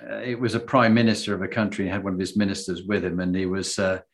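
A man hosting an interview, telling anecdotes in an animated, self-deprecating way. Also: sits low, fast. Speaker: host. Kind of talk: conversational interview.

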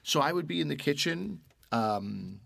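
A Canadian man telling lively stories in a casual chat, acting out other people's lines. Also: on the high side, a little slow, vocal fry, dry recording, studio quality. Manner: animated storyteller, acts out quoted voices.

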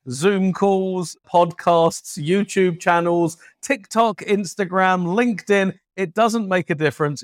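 A man, an energetic, talkative guest on an interview show. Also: no echo, clean studio sound. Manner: energetic, talkative, jumps up in pitch. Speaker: guest, travel points expert. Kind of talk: lively interview talk.

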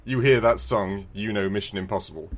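A man's voice: lowish voice, a little fast. A man co-hosting a casual podcast about an old video game, rambling, restarting sentences and laughing often. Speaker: podcast co-host.

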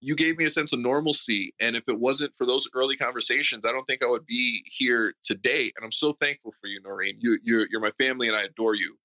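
Earnest guy hosting a support group, super bright voice, keeps stumbling over his words. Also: mid-range voice, fast, few pauses, poor audio. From Puerto Rico. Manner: earnest, stammering, repeats words. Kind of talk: heartfelt tribute talk. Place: online audio room.

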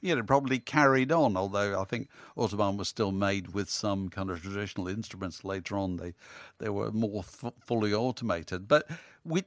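A man hosting a podcast, speaking in a measured, hesitant way with frequent fillers. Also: on the low side, no echo, clean studio sound. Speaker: podcast host. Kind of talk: casual chat.

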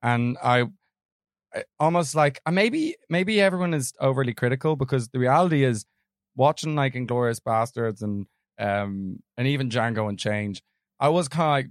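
A man's voice: medium pitch, normal speed, dry recording, studio quality. A man co-hosting a film podcast, rambling in casual chat and laughing often. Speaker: podcast co-host.

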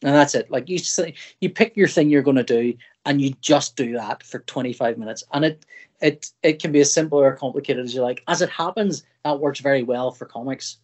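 A middle-aged man from Northern Ireland talks as a podcast guest in an easygoing, conversational way. He rambles, restarts his sentences and slips into little acted-out versions of his own thoughts. His voice sits at an ordinary middle pitch. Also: fairly quick, darkish tone. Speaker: comic artist guest.

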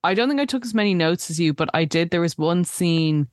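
A young woman with an Irish accent and a slightly low voice chats animatedly as a podcast co-host. She retells scenes with lots of quoting, and the recording is dry and close. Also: brisk, no room sound. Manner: animated storytelling, quoting lines and laughing often. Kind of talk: casual chat.

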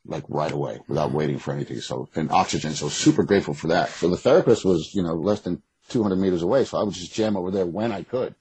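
A man's voice: deep voice, fast, hardly any pauses, a little mellow, slight background noise, poor audio. A man, speaking as an author in a frank, rambling interview conversation, swearing freely. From Boston area. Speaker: author and guest.

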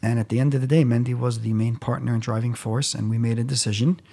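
A man who is a podcast guest, telling stories in an animated way with lively quoted dialogue. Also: mid-range voice, quick pace, creaky. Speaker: podcast guest, nonprofit founder. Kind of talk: animated storytelling in conversation.

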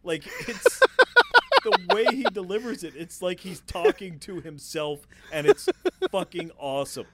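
A man's voice: high voice, measured pace, very noisy. A man chats enthusiastically about a film, swearing freely. His voice swings widely up and down as he tells scenes. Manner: enthusiastic, profane, animated storytelling. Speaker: podcast co-host. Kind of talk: casual film chat.

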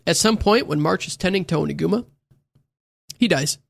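A man's voice: high-pitched, fairly quick, creaky, no room sound. A man casually recapping a show to friends, crude and laid-back, often mimicking lines from it. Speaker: podcast co-host recapping an anime.

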